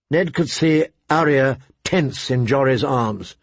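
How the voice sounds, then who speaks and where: A male narrator reads a fantasy audiobook slowly and with measured drama. His voice has a husky grain, and the close studio recording is dry and free of room sound. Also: mid-range voice, no echo. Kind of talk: scripted narration.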